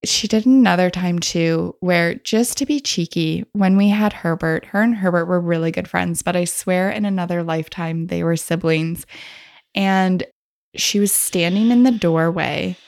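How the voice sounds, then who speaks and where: A woman's voice: lowish voice, moderate pace, creaky, darkish tone, dry recording, clean studio sound. A woman hosting a podcast, telling stories in a chatty, casual way and laughing often. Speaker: podcast host. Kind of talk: casual storytelling.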